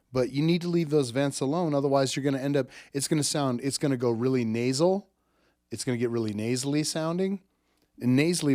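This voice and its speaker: A man's voice: medium pitch, a little mellow, dry recording, studio quality. A man, an audio engineer, giving a casual spoken lesson on microphone technique in a blunt, emphatic way, swearing freely and often checking in with "right?". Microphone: studio microphone with tube preamp.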